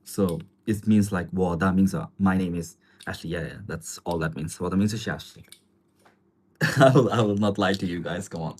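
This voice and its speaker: A man hosting a casual livestream, answering viewer comments in rambling, relaxed with many fillers and frequent chuckles. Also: sits low, normal speed, long pauses. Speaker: livestream host.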